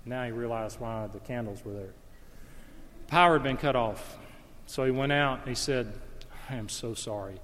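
A man preaching a sermon as a pastor, swinging from hushed storytelling to loud, impassioned emphasis. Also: mid-range voice, steady tone, normal speed, long pauses. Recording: long reverb of a large hall.

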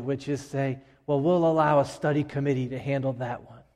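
A middle-aged man preaching a sermon as pastor, emphatic, with dramatic pauses and swings from loud to hushed. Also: medium pitch, fairly even intonation. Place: church sanctuary. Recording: long reverb of a large hall.

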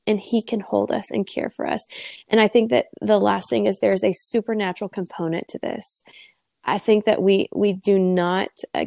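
A woman speaking earnestly about faith on a podcast, close to tears, with a gravelly voice. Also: mid-range voice, darkish tone, no room sound. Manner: earnest, tearful, preaching tone.

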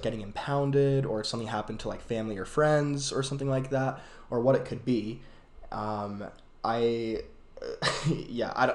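Young male podcast host, casual rambling storyteller, mid-range voice, roomy echo. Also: medium pitch. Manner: rambling, many fillers and restarts.

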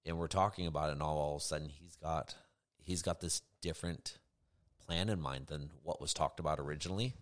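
A man's voice: very deep voice, brisk. A man co-hosting a podcast, talking earnestly about co-parenting and often agreeing with "right". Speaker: podcast co-host. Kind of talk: casual conversation.

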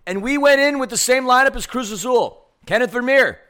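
A man co-hosting a fan podcast, ranting in a loud, heated, theatrical way from a studio. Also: extremely high pitch, a little fast, clear, resonant tone. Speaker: podcast co-host. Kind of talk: fired-up fan podcast rant.

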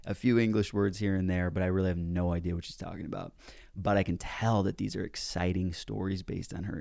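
A man telling a personal story in a casual, animated way, with some mild swearing, as a self-help speaker. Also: low-pitched, vocal fry, dry recording, clean studio sound. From United States.

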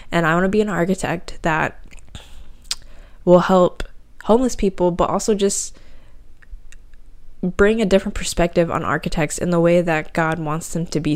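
Smooth-voiced young woman sharing a heartfelt story. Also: fairly low pitch. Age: young adult. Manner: emotional, tearful at times, filler-heavy casual talk. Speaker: podcast host. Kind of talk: personal faith testimony. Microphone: home podcast mic.

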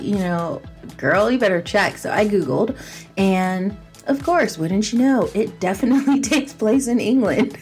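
A woman's voice: medium pitch, a little mellow. A woman hosting a casual solo podcast, chatty and self-mocking, laughing often as she talks. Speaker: podcast host.

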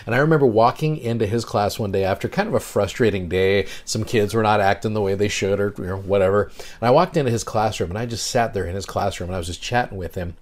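A middle-aged seminary teacher hosting a podcast, telling a personal story in an earnest, reflective devotional talk. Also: male voice, fairly low pitch, fast.

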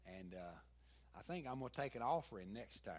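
Folksy southern pastor preaching. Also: male voice, fairly low pitch, expressive, moderate pace, slight background noise. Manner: folksy storytelling, building to emphatic peaks. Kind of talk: sermon.

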